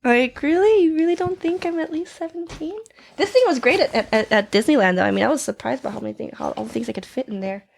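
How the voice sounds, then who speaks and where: A woman's voice: high voice, fast, gravelly. A woman guest chatting playfully on a podcast, giggling often. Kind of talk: casual podcast chat. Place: studio.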